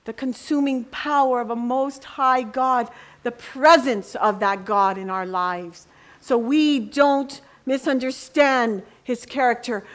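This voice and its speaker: A middle-aged woman preaching a sermon with passion, dropping to a hush and rising to ringing cries. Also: fairly high pitch. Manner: impassioned, swings from hushed to ringing cries.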